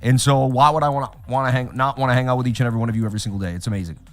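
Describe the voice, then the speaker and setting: A man hosting a crypto trading livestream, talking in an excitable hype-man way with repeated catchphrases. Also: medium pitch, rapid-fire, soft background music. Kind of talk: hyped livestream chat.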